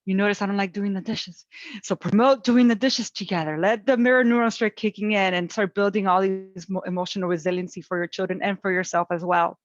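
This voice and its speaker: A woman's voice: mid-range voice, fairly even intonation, brisk, no echo, lo-fi sound. A woman presenting an online webinar on parenting and resilience, talking in an encouraging, chatty way with many fillers.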